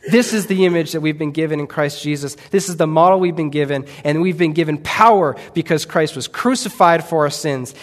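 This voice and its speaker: A man preaching in a church, earnest and rising to fervent emphasis as he tells his story. His voice sits a little high for a man. The sound carries a long hall reverb. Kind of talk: sermon with a missionary story.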